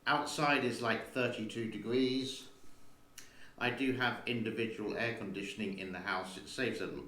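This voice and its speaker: A man's voice: mid-range voice, steady tone, normal speed, pushed and bright, roomy sound. A man hosting a casual vlog from his home studio, chatting in a rambling way and talking to his cat between points. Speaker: channel host.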